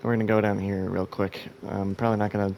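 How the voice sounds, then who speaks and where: A man's voice: fairly low pitch, flat delivery, quick pace, creaky, a little mellow, slight background noise. A man who has just woken up, chatting through his gameplay in a rambling, self-mocking way. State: sleepy, just woke up. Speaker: gameplay video host. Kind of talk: casual let's-play commentary.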